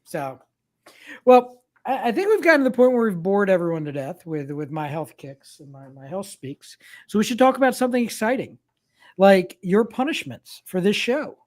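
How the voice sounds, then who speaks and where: A man's voice: high voice, animated, normal speed, a little mellow. Male podcast host, loose filler-heavy sports talk, jokey. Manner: rambling, filler-heavy, joking. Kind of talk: casual sports chat.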